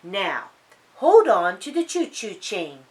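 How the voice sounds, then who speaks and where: A woman's voice: medium pitch, big pitch swings, slow. Woman doing a fussing mother duck. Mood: gently scolding. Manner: fussing, gently scolding. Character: worried, loving mother duck.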